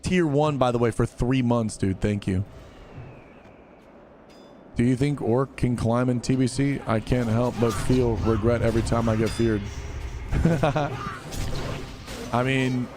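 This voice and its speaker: A man's voice: mid-range voice, fairly even intonation, measured pace, pauses often, a little mellow, slight background noise. A man streaming a game and chatting casually with viewers, laid-back, slangy and blunt. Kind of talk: casual live-stream chat.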